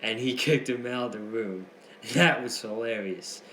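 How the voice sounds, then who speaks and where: Excitable man recapping wrestling, echoey room. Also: mid-range voice, measured pace, a little hiss or hum. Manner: excitable, chatty, slangy ("freaking"). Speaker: wrestling show reviewer. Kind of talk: casual recap commentary.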